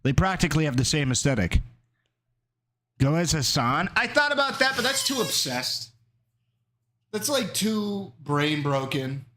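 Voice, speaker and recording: A man streaming and chatting casually, riffing loosely and reading his chat out loud. His voice sits somewhat high and jumps around a lot in pitch. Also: very animated, unhurried, long pauses, slight background noise. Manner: riffs loosely, reads chat aloud.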